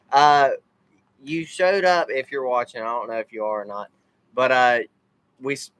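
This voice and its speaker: Southern guy, family vlog host, rambling thank-yous, mid pitch. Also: fairly bright tone, poor audio. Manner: rambling, lots of uh fillers. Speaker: racing family vlogger. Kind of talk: casual live recap, thanking people.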